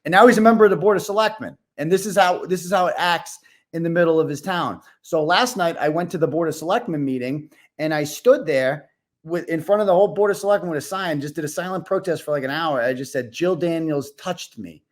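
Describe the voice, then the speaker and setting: A man telling an animated story as a podcast guest, full of fillers and restarts. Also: fairly high pitch, fairly quick. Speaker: podcast guest, independent reporter. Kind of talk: casual podcast conversation.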